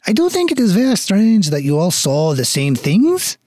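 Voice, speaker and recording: Man doing a husky mock-French goop villain. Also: high voice, huge pitch swings, moderate pace, darkish tone, no room sound, studio quality, voice pushed up, full character voice. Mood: theatrical. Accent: fake French accent. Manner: theatrical villain monologue. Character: vengeful male vintner turned goop monster.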